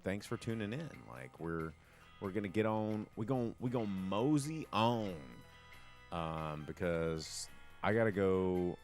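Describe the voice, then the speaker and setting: A man co-hosting a podcast, chatting casually in a wry, joking way. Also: deep voice. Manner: wry, joking, drifts into silly quoted voices. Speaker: podcast co-host. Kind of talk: casual chat.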